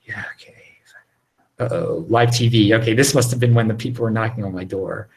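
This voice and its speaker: A man hosting a casual live question-and-answer stream from his apartment, reading out viewer questions and answering them in a lowered voice with quick restarts. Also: gravelly. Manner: animated, talks over himself with quick restarts; lowered, near-whispering voice.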